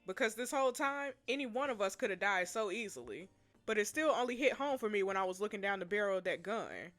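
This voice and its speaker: A woman reading the lines of a brooding bad-boy young man in a story game, quiet, wry and reflective. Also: mid-range voice, lively intonation, fast, faint music behind, close to an everyday voice. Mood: low-key.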